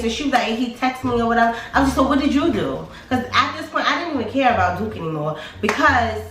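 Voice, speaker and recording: A woman's voice: a little high, quick pace, hardly any pauses, far from the mic, a little hiss or hum. A young woman casually telling a storytime vlog, retelling friends' conversations with lots of fillers. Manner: chatty, animated retelling with quoted dialogue and fillers. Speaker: storytime vlogger. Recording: echoey room, voice a bit off-mic, faint music.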